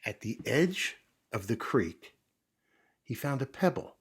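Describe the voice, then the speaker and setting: A man reading a children's picture book aloud in a gentle storytime manner, pausing to explain things to young listeners. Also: mid-range voice, sing-song, a little hiss or hum.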